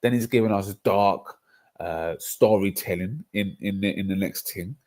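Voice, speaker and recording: Young guy, lowish voice, loose slangy livestream chat. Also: measured pace. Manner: rambling, animated storytelling with slang. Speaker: livestream host.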